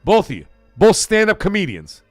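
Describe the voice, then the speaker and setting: A middle-aged man hosting a live stream in loose, profane, rambling chat that breaks into bursts of shouting. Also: sits high, huge pitch swings, moderate pace, no echo, faint music behind. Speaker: livestream host.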